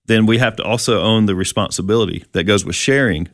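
A man's voice: on the low side, quick pace, a bit bright, dry recording, clean studio sound. A man leading a conversational Bible teaching, explaining step by step and asking his listener questions.

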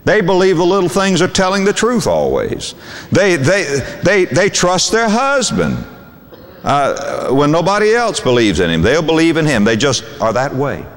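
An older man preaching a sermon in a folksy, animated way, acting out quotes from husbands and wives. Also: a little high, moderate pace, long reverb tail.

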